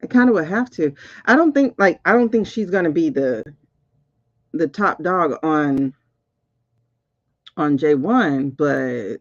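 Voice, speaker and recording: A woman hosting a casual spiritual reading, excitable and talking straight to her viewers. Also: low voice, takes it slowly, pauses often, no room sound, dull audio. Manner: excitable, keeps repeating "hold on". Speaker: spiritual reader and host. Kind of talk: casual livestream card reading.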